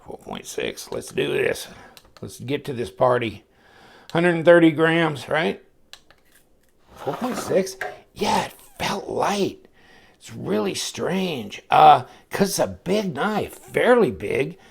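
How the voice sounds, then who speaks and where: A man with a gravelly, fry-laden voice talks through a knife review in a loose, rambling way. He gets excitable and his pitch jumps around constantly as he shows the knife to his viewers. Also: takes it slowly. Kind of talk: casual product review.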